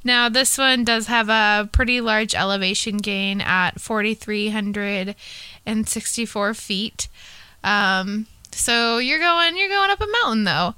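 A woman hosting a casual podcast, her voice very bright and smooth, recorded close and dry with no room sound. She keeps hesitating, filling gaps with ums and starting sentences over. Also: medium pitch, unhurried, no echo. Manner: hesitant, lots of ums and restarts. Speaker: podcast host presenting hike list.

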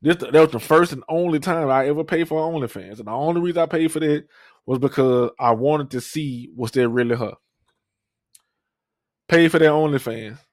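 A man's voice: a little high, normal speed, dry recording, studio quality. A young man, telling a profane, rambling story on a podcast with lots of fillers and restarts. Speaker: podcast co-host. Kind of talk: casual storytelling.

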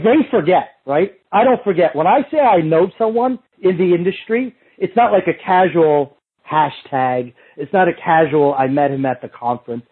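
A man's voice: a little high, lively intonation, fairly quick, slightly rough. A man talking as a guest on a show, telling rambling, profane stories and acting out both sides of old conversations. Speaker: fitness industry coach, podcast guest. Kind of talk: casual profane storytelling. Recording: tinny phone-like line.

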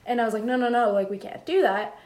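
A woman's voice: on the high side, quick pace, darkish tone. Rambling teen girl in echoey room. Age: teens. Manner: rambling, many "like" fillers. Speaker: podcast co-host. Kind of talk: casual chat.

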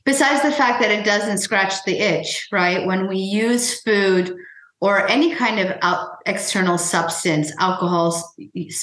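Measured, reflective woman in an echoey room. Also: on the low side, a bit bright. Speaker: author and weight-loss guest. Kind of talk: interview answers.

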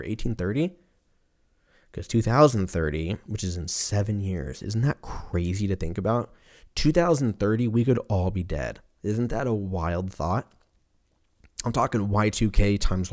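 A young man riffs through a rambling comedic monologue, cursing freely and dropping into quick goofy voices for imaginary people. His pitch swings all over the place as he talks. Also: a little mellow. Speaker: podcast host.

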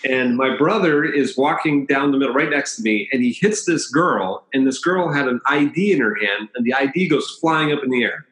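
A man in his fifties tells a personal story as a guest on a talk show. He rambles and corrects himself as he goes, keeping an easy, animated storyteller's flow. His voice sits at a middle pitch and carries a noticeable roomy echo. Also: normal speed, hardly any pauses. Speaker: podcast guest. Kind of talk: storytelling in conversation.

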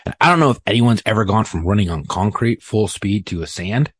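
A man with a low, husky voice tells a story in a loose, profane way, acting out each line people said. The sound is dry and close to the mic. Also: a little fast, no echo. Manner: profane, animated retelling with acted-out quotes. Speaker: podcast guest. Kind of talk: casual storytelling.

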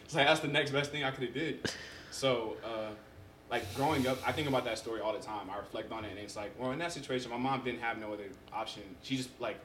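A young man in casual conversation as a podcast guest, telling stories in an animated way and acting out what people said. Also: mid-range voice, quick pace, a little hiss or hum. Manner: animated storyteller who acts out quotes. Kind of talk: casual chat. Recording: roomy echo.

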